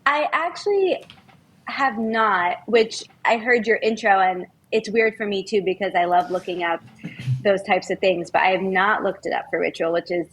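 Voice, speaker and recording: A woman's voice: medium pitch, moderate pace, fairly bright tone, a little hiss or hum, rough recording. A woman guest on a podcast, an herbalist, speaking earnestly and heartfelt about her experience, drawing out key words. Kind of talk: reflective conversational interview.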